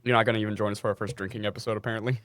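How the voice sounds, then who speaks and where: A young man co-hosting a podcast, telling work stories in a casual, animated way and swearing freely. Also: fairly low pitch, rapid-fire, a little hiss or hum. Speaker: podcast co-host. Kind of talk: casual storytelling chat.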